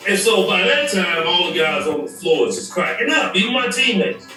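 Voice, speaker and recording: A man with a high, bright, animated voice tells a story, laughing often. The clip is very echoey and distant, with faint music underneath. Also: normal speed. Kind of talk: storytelling anecdote.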